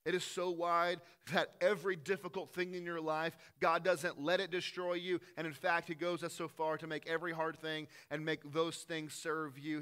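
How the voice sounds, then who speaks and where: A man preaching a sermon, swinging between loud emphasis and quiet, earnest moments. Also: on the high side, smooth. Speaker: pastor.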